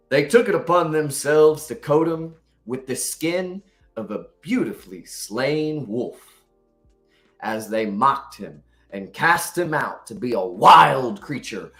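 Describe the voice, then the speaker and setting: A man putting on an old cowboy voice to recite a dark poem, with a slow, dramatic drawl. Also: medium pitch. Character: old cowboy storyteller at a campfire.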